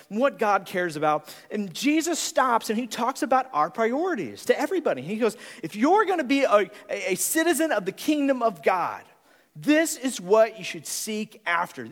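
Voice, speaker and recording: A man preaching a sermon, animated, acting out different personality types in quick voices. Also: high voice, in a large hall. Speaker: pastor.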